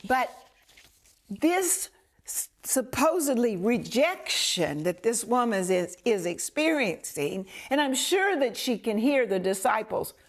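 A woman's voice: a little high, sing-song, slow. A woman preacher telling a scripture story in an emphatic, repetitive way, often asking the listener questions. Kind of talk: sermon.

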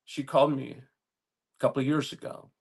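Male preacher, storytelling sermon, gravelly and husky, earnest and building. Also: medium pitch, little pitch movement. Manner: earnest, halting restarts building to emphatic appeals.

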